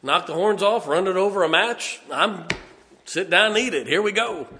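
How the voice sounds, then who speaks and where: A man, preaching a sermon in a folksy storytelling way, with punchy asides and slow, stressed points. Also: high-pitched, bright, forceful tone. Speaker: pastor. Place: church sanctuary. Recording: long church reverb.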